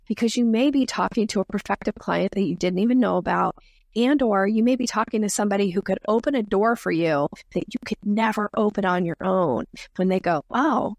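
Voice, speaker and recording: Woman, sales expert guest, gravelly voice, dry close sound, acts out example dialogues. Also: medium pitch, dry recording. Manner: explains with acted-out example dialogues. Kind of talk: podcast interview.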